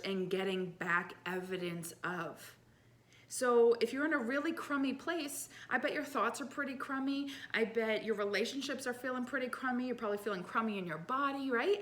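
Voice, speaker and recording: A woman's voice: medium pitch, a bit bright. Chatty woman podcast host, upbeat. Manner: chatty, earnest, upbeat, with quoted self-talk asides. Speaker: podcast host, life coach. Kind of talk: casual motivational monologue.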